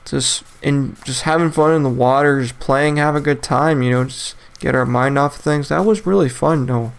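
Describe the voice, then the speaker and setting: A man's voice: mid-range voice, normal speed, creaky, clear, resonant tone. A man in his twenties talking alone on a casual podcast, in an ordinary mid-range voice. He rambles, restarting sentences and saying things twice over. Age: 20s. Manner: rambling, repeats and restarts himself. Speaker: podcast host. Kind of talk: solo casual chat.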